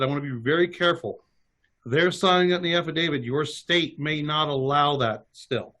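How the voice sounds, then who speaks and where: A man's voice: on the high side, a little fast, bright, forceful tone. Man talking through eviction rules. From Kentucky. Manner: reads legal text aloud with asides. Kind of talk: casual webinar talk.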